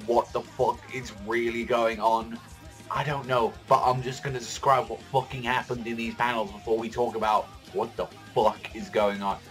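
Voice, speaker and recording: Male vlogger, mid pitch, swears constantly and rambles excitedly; faint music underneath. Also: normal speed. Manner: excitable, profane, rambling with many fillers. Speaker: manga reaction vlogger. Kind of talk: casual reaction commentary.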